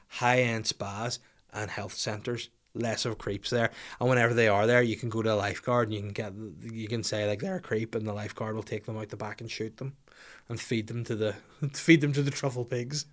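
A man hosting a casual podcast, answering listener questions in a rambling, profane, jokey way. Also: mid-range voice. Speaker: podcast host.

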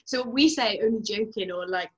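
A woman's voice: medium pitch, normal speed, rough recording. A woman in her twenties hosting a podcast, chatting casually and telling a story with lots of giggling. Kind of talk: casual chat.

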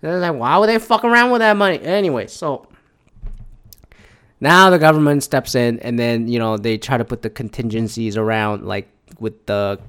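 A man's voice: mid-range voice, normal speed, fairly bright tone, clean tone. A man in a casual opinionated monologue, rambling and profane, laughing often and adding mocking asides.

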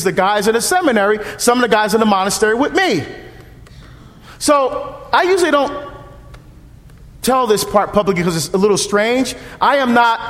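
A man in his fifties, a deacon, giving a humorous, story-driven parish mission talk in a church. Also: sits high. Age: 50s. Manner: lively storytelling, humorous, acts out dialogue. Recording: long church reverb.

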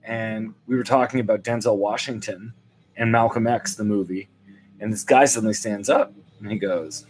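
A man's voice: fairly low pitch, moderate pace, faint music behind. Rambling, wry older man. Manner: rambling, wry, animated swings into quoted voices. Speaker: podcast host. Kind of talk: solo comedic monologue.

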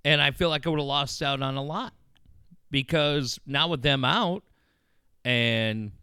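A middle-aged man hosting a casual radio chat. He gets excited, swears freely and acts out quotes with big jumps in pitch. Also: measured pace, clear, resonant tone, dry recording, studio quality. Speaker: radio show host.

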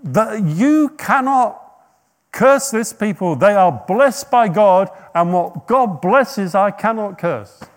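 A man's voice: sits high, sing-song, unhurried. A man preaching who voices an angry, stubborn male prophet, speaking emphatically and insistently.

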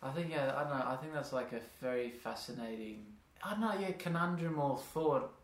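A man with a medium-pitched voice and lively intonation hosts a podcast at a brisk pace. The casual, rambling conversation is full of laughter and playful example voices, recorded with a roomy echo.

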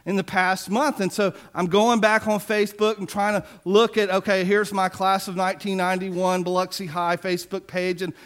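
A man's voice: high-pitched, flat delivery, normal speed, hardly any pauses. A man in his forties preaching a sermon, telling stories in a conversational way with self-deprecating humor. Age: 40s. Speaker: pastor.

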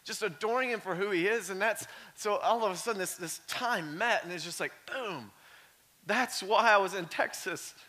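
A male pastor preaching a sermon in a conversational way, full of "like" fillers, moving from quiet storytelling up to shouting. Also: high voice, moderate pace.

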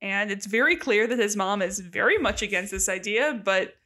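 A woman co-hosting a podcast, chatting casually through an episode recap, upbeat and quick to laugh as she acts out characters' lines. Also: medium pitch, bright, forceful tone. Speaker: podcast co-host.

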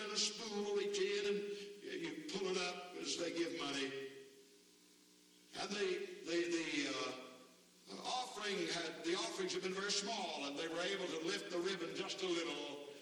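A man preaching a revival sermon, telling folksy stories and rising to shouted emphasis, heard from a distance in a large church hall. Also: sits high. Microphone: far from the mic. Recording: distant mic in a very echoey hall with faint noise.

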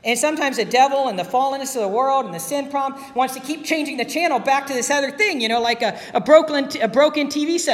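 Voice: sits high, quick pace, hardly any pauses. A pastor preaching a sermon in an earnest, conversational way, repeating key phrases. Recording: long reverb of a hall.

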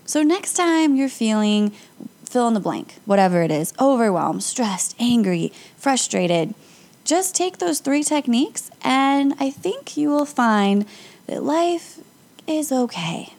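A young woman, a yoga instructor and podcast host, talks listeners through calm breathing exercises in a casual, encouraging way. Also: fairly high pitch, slow pace. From Las Vegas area. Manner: calm, upbeat and encouraging, with light laughs.

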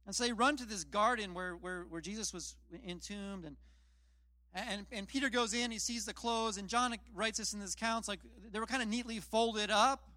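A man's voice: high voice, moderate pace, pushed and bright, no echo. A man preaching a casual sermon, retelling scripture in plain, chatty storytelling with self-deprecating asides. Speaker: pastor.

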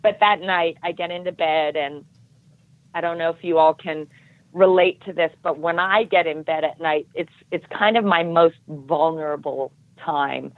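Podcast guest, middle-aged woman, earnest storyteller, lowish voice, muffled dry sound. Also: normal speed, dry recording. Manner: earnest, animated storytelling with acted-out quotes. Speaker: podcast guest, triathlon coach.

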